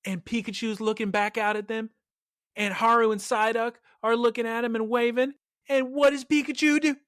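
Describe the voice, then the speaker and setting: A man hosting a podcast, retelling an episode in a lively, animated way in casual chat. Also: very high voice, normal speed, no room sound, studio quality. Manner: animated storytelling, voices quotes. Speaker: podcast host recapping an episode.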